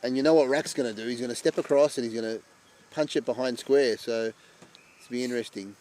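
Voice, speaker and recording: A man giving chatty live commentary on an amateur cricket match. He breaks into loud excitement at wickets. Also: medium pitch, fast.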